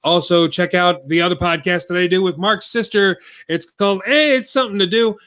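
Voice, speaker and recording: A man's voice: high voice, brisk, bright, forceful tone. A man hosting a casual podcast, chatting loosely with lots of fillers and plugs, a bit out of breath. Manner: rambling, filler-heavy plugging. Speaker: podcast host.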